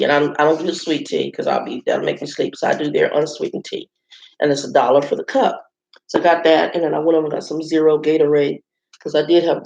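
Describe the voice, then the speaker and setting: A woman vlogger tells a rambling story to her viewers in a casual, chatty way. Her voice is low and gravelly. She is in a hotel room, and the sound is roomy and slightly dull. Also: darkish tone.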